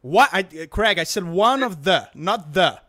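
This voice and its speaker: Brief: panel regular, man, bright tone, dry close sound, playfully defensive. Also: high-pitched, expressive, measured pace, dry recording. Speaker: show regular. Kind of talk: casual panel chat.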